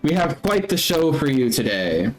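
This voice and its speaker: A man's voice: fairly high pitch, sing-song, moderate pace, faint music behind. A man voicing a middle-aged, showy circus ringmaster who welcomes the crowd grandly. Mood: welcoming. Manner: grand, welcoming announcer delivery. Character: middle-aged male showman ringmaster in a fine suit.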